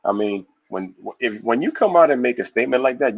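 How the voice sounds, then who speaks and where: A man hosting a casual live sports stream, reading viewer comments aloud and giving shout-outs in a loose, slangy way. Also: mid-range voice, a little fast, dull audio. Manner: loose, slangy, animated opinions.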